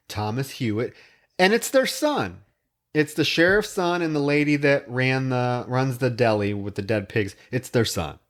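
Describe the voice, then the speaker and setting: A man co-hosting a podcast, casually retelling film scenes. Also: mid-range voice. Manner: retells scenes with quick voiced quotes. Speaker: podcast co-host.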